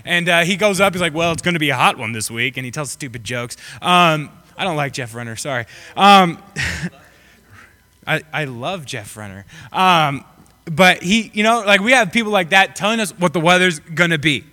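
A man's voice: on the high side, expressive, normal speed, sharp tone. A young man giving a casual, joking sermon to a live audience. He rambles with many fillers and asides. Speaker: pastor. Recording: long reverb of a hall.

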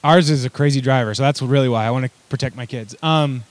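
A man's voice: medium pitch, quick pace, no echo. Conversational young male preacher. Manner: conversational, joking asides, many fillers. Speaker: pastor. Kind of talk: sermon.

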